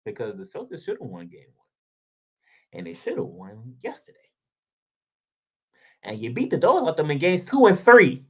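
A man's voice: on the high side, huge pitch swings, moderate pace, long pauses, a bit bright, husky. A man giving a heated solo basketball commentary, ranting and firing rhetorical questions at the team. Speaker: sports blogger.

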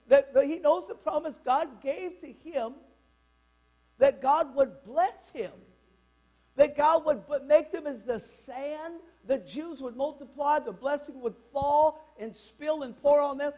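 High-voiced fervent preacher in his sixties. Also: darkish tone. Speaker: pastor. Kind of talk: sermon. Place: church.

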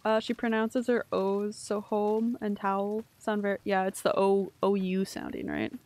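Gravelly, chatty young woman streamer. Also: mid-range voice, little pitch movement, normal speed, darkish tone. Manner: chatty, rambling, swears casually, self-mocking. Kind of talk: casual gameplay commentary.

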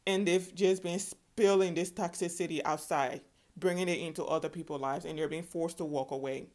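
A woman's voice: on the low side, steady tone, normal speed, a little mellow. A woman giving a spiritual tarot reading in an emphatic way, often checking in with the listener and calling them honey. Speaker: tarot reader.

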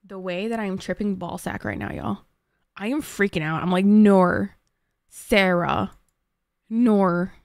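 A woman's voice: medium pitch, fairly quick, vocal fry, no echo, clean studio sound. A woman streamer chatting to her viewers, flustered and swearing often. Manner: flustered, swearing, talks to chat. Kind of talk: casual live-stream chat.

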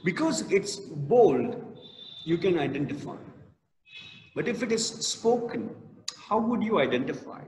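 Slow, emphatic man lecturing in an echoey hall. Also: sits high, big pitch swings, a little mellow. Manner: slow, emphatic, stresses key words. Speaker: college lecturer. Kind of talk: classroom lecture.

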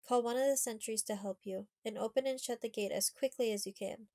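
A woman's voice: a little high, fairly quick, dark tone, close to an everyday voice, poor audio. A woman reading the part of a brave fourteen-year-old girl who urgently gives orders.

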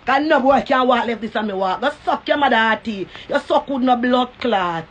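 A Jamaican woman with a high-pitched voice rants into her phone on a live stream. She spits profanity and taunts, hammering the same insults again and again. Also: animated, moderate pace, lo-fi sound. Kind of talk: cussing rant on a live stream.

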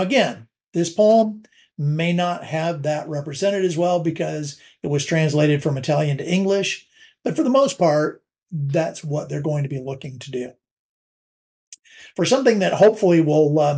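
A man teaching a recorded lesson on poetry, explaining in a casual way with fillers and slowing down to read verse aloud. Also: a little high, darkish tone.

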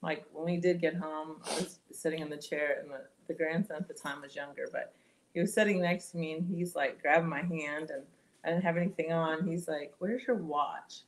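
A woman's voice: low-pitched, steady tone, a little fast, slight background noise, low-quality recording. A middle-aged woman, a podcast guest, candidly telling a personal story and laughing through the hard parts.

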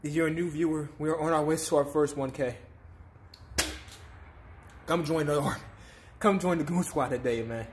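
A man's voice: fairly high pitch, fairly even intonation, moderate pace, pauses often, slight background noise. Distressed young man in pain. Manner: distressed, repetitive pleading. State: in pain, sniffling, coughing. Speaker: YouTuber doing a spicy chip challenge. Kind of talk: casual vlog to camera.

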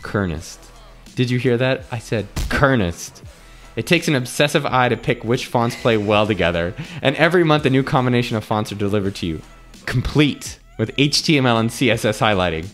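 A man hamming up a read-through of old sales copy, his pitch swooping all over as he leans into the drama. He keeps cracking himself up mid-sentence. Faint music sits behind him. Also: animated, fast, fairly bright tone. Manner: theatrical, breaks into laughter while reading. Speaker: host reading old ad copy aloud. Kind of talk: dramatic read-aloud with laughter.

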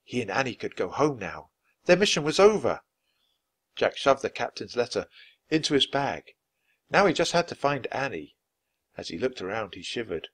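Man reading a children's book aloud. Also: mid-range voice. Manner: clear, expressive, measured. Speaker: storybook reader.

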